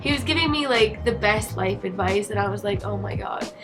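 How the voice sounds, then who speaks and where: A woman telling a storytime vlog in a chatty, animated, profane way. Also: medium pitch, a little fast, music in the background. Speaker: vlogger. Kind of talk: casual storytime.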